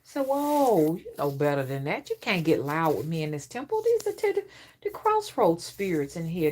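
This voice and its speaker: A woman's voice: lowish voice, big pitch swings, moderate pace. A middle-aged woman, telling a stern, warning story to her viewers in a casual monologue. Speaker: rootwork spiritual reader.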